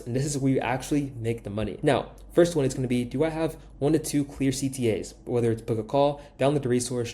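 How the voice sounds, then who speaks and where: A man's voice: medium pitch, mellow. A young man coaching YouTube creators in a casual, emphatic teaching video, tagging his points with "right?". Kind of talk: talking-head teaching video.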